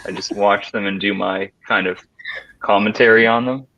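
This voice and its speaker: Low-voiced, hesitant man, deadpan. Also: moderate pace, dry recording. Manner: hesitant, deadpan, many fillers. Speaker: podcast co-host. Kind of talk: casual chat. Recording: dull lo-fi sound.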